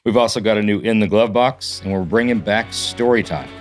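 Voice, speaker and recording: A man's voice: fairly low pitch, brisk, faint music behind. A man hosting a casual podcast, reading ad copy with punch and joking with his co-hosts. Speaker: podcast host.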